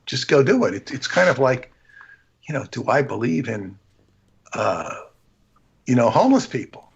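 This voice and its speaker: Man, husky and muffled, rambling storyteller with lots of restarts, casual livestream guest. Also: medium pitch, big pitch swings, unhurried. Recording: dull lo-fi stream audio.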